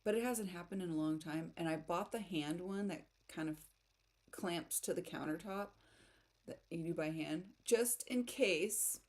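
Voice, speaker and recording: A woman's voice: fairly low pitch, unhurried, a little mellow. A woman from the United States hosting a livestream, chatting casually and reading out comments, giggly and self-deprecating. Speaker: writing livestream host.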